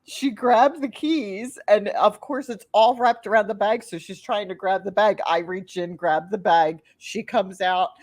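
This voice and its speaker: A woman's voice: mid-range voice, measured pace, few pauses, no room sound. A woman co-hosting a podcast, telling a story in casual chat and acting out the quotes. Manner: animated storyteller, acts out quotes. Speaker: podcast co-host.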